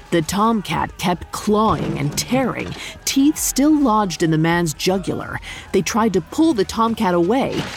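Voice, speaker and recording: A woman narrating a dark folk tale in measured, scripted storytelling. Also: on the low side, gravelly. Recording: faint music bed behind the voice.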